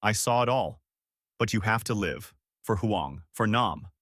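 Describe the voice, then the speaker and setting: A man's voice: lowish voice, expressive, unhurried, fairly bright tone, no echo, studio quality. Man doing a shaky older villager. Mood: earnest. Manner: shaky, soothing.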